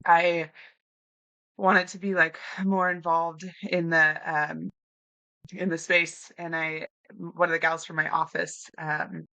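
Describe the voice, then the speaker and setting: A young woman guest telling lively stories in a casual interview, acting out quotes and laughing often. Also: deep voice, no echo. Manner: animated storyteller, acts out quotes, laughs often. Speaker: podcast guest, new hunter.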